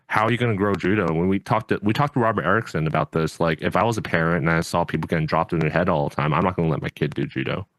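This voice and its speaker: A man's voice: low-pitched, a bit bright, dry recording. A man hosting a podcast, talking in an earnest, rambling way with many fillers and restarts. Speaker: podcast host and judo coach. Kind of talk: casual podcast chat.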